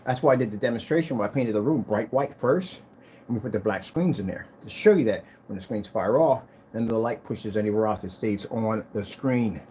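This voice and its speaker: A man showing off his business's screen paint in a casual vlog, talking in an excitable, rambling, hyped-up way. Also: fairly low pitch, fairly quick, slight background noise. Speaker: screen paint business owner demonstrating products. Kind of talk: casual product demo vlog with storytelling.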